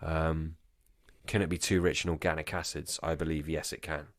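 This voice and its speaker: A man's voice: extremely low pitch, flat delivery, moderate pace, no echo, studio quality. A drunk man co-hosting a podcast in casual chat, rambling and swearing as he goes off on tangents. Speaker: podcast co-host.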